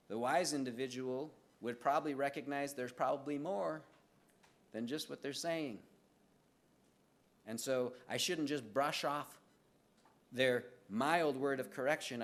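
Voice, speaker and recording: A middle-aged man delivers a sermon as a pastor, talking to the congregation more than lecturing. His voice sits slightly higher than most men's. He slips into short acted-out dialogues, his voice jumping up and dropping low between the parts. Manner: conversational, acts out little dialogues with lively swings of voice.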